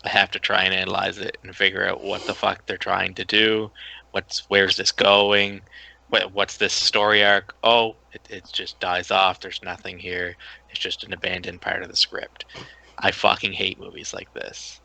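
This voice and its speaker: Gravelly low man ranting bluntly. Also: completely flat delivery, moderate pace, sharp tone, poor audio. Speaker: podcast co-host. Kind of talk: casual movie review chat.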